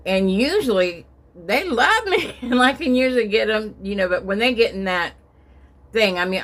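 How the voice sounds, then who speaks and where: Middle-aged woman, chatty makeup vlogger, lowish voice, rambling storyteller. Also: a bit bright. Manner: chatty, rambling, acts out quotes with raised voice. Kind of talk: casual storytelling while doing makeup.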